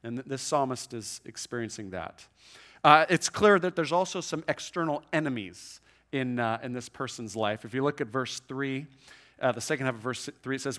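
A man preaching to a congregation in an earnest, conversational way. He talks at an ordinary pitch, often restarts his phrases and checks in with "right?". When he reads scripture aloud he slows down and grows soft. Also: expressive. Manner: reads scripture slowly and softly. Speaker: pastor. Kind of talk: sermon. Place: church room with a congregation.

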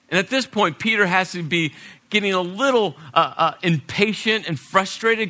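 A male pastor preaching a sermon, dramatic, shifting between loud and hushed passages and acting out quotes. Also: high-pitched, normal speed.

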